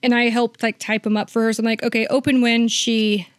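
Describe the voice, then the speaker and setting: A woman's voice: fairly high pitch, level tone, a little fast, clear, resonant tone, no room sound, studio quality. A woman working as a hospice nurse, telling a long story in a podcast interview, with many fillers and quoted lines acted out.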